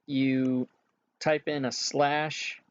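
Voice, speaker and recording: A man's voice: mid-range voice, level tone, drawn-out words, smooth, lo-fi sound. A man working as game master, casually walking players through setup with frequent filler sounds. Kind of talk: casual instructions during an online game session.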